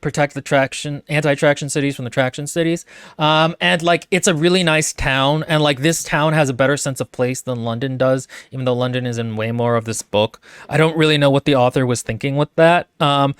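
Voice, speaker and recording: A man's voice: fairly high pitch, a little fast, smooth, dry recording, clean studio sound. A man co-hosting a podcast, talking casually and with strong opinions about a book, full of fillers and restarts. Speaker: podcast co-host.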